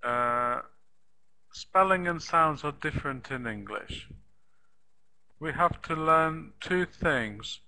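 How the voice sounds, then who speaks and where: Slow, patient male English teacher. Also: on the high side, lively intonation, bright, forceful tone, low-quality recording. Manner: slow, patient, repeats and spells out words. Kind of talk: online English lesson.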